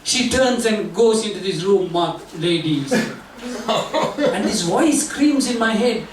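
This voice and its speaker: Older Sri comic, self-mocking storyteller, high-ish voice, distant roomy live sound. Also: male voice, animated, slow pace. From Sri Lanka. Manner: self-mocking, wry, building to punchlines. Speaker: comedian. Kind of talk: stand-up storytelling. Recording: roomy, distant mic, noisy venue.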